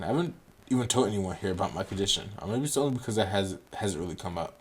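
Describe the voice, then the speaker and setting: A let's play host with a low, husky voice talks quickly and animatedly through a game playthrough. He chats with viewers, reads the story aloud, and often laughs self-consciously.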